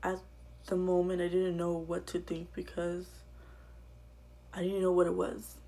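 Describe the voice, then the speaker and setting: A woman vlogger telling her own life story to camera in a halting, quiet way that often drops to a whisper. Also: on the low side, completely flat delivery.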